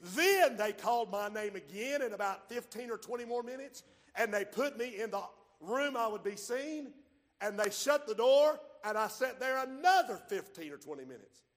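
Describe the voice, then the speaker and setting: A man preaching a sermon, swinging from loud shouts to quiet low asides and drawing key phrases out slowly. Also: animated. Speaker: pastor. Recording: long hall reverb.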